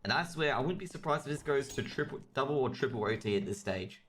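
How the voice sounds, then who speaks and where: Aussie guy casting a match solo, mid pitch, chatty and jumpy, lots of clicking behind him. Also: a little hiss or hum. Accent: Australian. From Australia. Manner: chatty, quick, excitable on big plays, jokes with chat. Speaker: esports caster. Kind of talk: solo live game commentary, answering chat.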